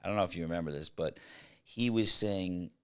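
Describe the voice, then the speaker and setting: Deep-voiced middle-aged podcast host. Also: male voice, a little fast, fairly bright tone, smooth. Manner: storytelling, laughs at his own stories. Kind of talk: casual chat.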